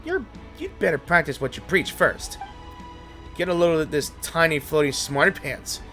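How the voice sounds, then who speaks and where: A man voicing a small, excitable floating girl companion in a game, reading her lines with squeaky, shrill exclamations. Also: moderate pace, faint music behind. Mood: sassy.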